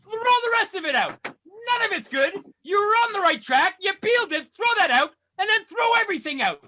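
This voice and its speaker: Male stand-up comic: high, bright voice that swings widely, exasperated rants that tip into shouting. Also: sing-song, a little fast. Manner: exasperated ranting, bursts into shouts. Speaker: stand-up comedian. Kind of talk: stand-up comedy set.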